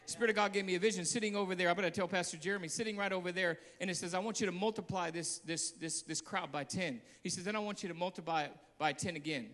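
A man, a guest pastor, preaching a sermon with passion, telling stories, repeating phrases and breaking into shouts. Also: sits high, fast, hardly any pauses, big-room sound.

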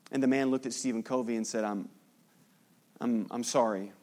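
A man's voice: moderate pace, long pauses. A middle-aged pastor preaching a sermon, acting out the people he quotes. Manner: animated preaching, acting out quotes with big jumps in pitch.

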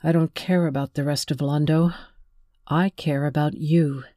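A narrator voicing a restrained, tender young man who speaks softly and earnestly, holding back tears, in an audiobook reading. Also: on the high side, flat delivery, unhurried, no room sound, studio quality, lightly acted.

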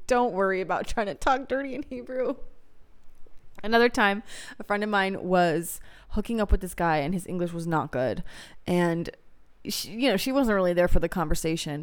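A young woman hosting a podcast, telling frank, profane stories in a casual monologue and laughing often. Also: mid-range voice. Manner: candid, laughing, profane storytelling. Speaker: podcast host.

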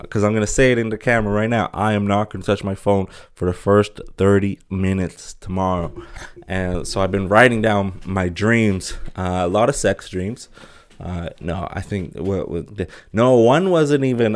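A young man hosting a solo podcast, chatting casually in a rambling, jokey way with many fillers and restarts. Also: lowish voice. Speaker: podcast host.

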